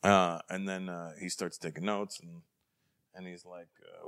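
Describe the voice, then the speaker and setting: A comedian from Canada telling a story in a hotel room, acting out the other people in it. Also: male voice, low voice, measured pace, clear, resonant tone. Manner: animated, acts out voices in his story. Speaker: comedian guest. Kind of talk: storytelling anecdote.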